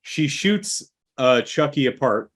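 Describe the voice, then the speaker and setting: A man's voice: medium pitch, lively intonation, slow pace. A man co-hosting a casual movie talk show, recapping the plot with wry, dry asides. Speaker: podcast co-host.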